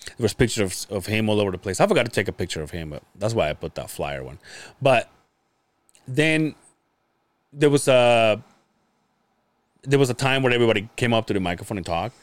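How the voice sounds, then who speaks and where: Speaking a little fast but with long pauses, this podcast co-host has a lowish voice and no room sound behind him. He spins a story in relaxed conversation, voicing the characters himself and peppering it with laughter and curses.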